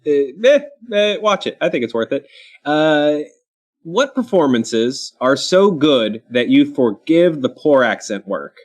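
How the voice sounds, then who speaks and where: A man from Kentucky hosting a casual panel chat, talking in quick asides full of ums and restarts. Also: a little high, sing-song. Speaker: show host.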